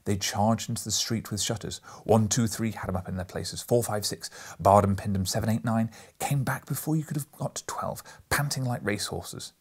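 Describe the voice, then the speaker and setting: Expressive male audiobook reader. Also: lowish voice, a little fast, gravelly, few pauses, husky. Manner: lively, expressive reading, some lines near a whisper. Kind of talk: audiobook narration.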